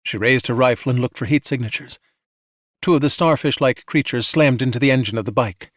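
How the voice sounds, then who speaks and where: A man narrates a story in a calm, soothing bedtime manner. His mid-range voice is even and measured. The sound is dry and close with no room echo. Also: mid-range voice. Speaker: audiobook narrator.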